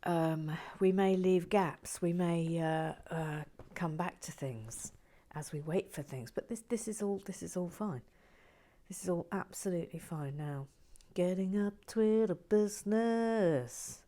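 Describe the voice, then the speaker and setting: Close to the mic at her tabletop, a middle-aged channel host assembles brick sets for an ASMR build video. Low-pitched and a little slow, she talks softly, frequently whispers, and chats with a gently self-deprecating humor.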